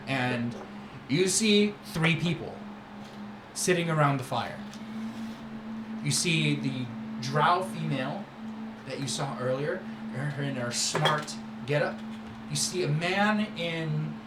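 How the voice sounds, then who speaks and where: Rambling male game master. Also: fairly high pitch. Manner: relaxed, halting with fillers. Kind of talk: narrating a tabletop game. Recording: roomy room with background noise.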